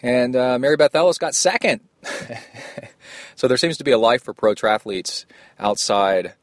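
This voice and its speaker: A middle-aged man hosting a casual podcast from home, rambling and excitable, laughing often. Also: medium pitch, normal speed, no echo. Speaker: podcast host. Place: home room.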